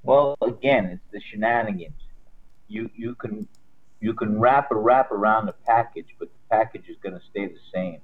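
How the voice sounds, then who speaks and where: A man's voice: lowish voice, moderate pace. A man co-hosting a casual sports talk show, telling folksy stories and homespun sayings. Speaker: co-host. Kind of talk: casual sports radio chat. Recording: tinny phone-line sound.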